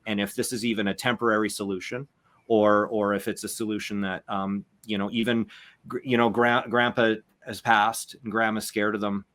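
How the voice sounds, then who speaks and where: This is a Canadian man hosting a podcast chat. His voice sits low, and he speaks with passion, often restarting and repeating his words. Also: level tone, moderate pace, a bit bright. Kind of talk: casual podcast discussion.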